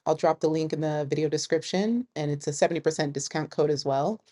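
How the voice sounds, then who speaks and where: Chatty low-voiced woman vlogger. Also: fast talker. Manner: chatty, laughs often, animated storytelling. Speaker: travel vlogger. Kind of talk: casual talk to camera.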